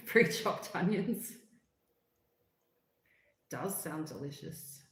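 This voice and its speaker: A woman's voice: on the low side, lively intonation, very slow, a bit bright, echoey room, a little hiss or hum, rough recording. A woman hosting a livestream, chatting casually and reading out viewer comments in a rambling, filler-heavy way. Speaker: livestream host.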